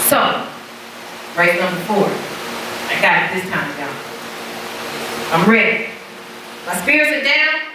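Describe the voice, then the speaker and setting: A woman's voice: a little high, bright, forceful tone, slight background noise. A woman giving a storytelling motivational speech, drawing call-and-response from her audience. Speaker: motivational speaker. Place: church hall. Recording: echoey church hall from far off.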